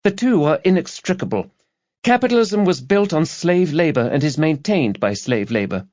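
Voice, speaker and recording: A prickly teenage student activist with a high, shrill, preachy voice, as a male narrator puts her on. She chants slogans and argues hard. The recording sounds dull and dry, with no room around it. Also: animated, moderate pace, a little mellow, no room sound, natural voice. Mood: preachy, strident. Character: strident young female student activist, 18 or 19, militant and prickly.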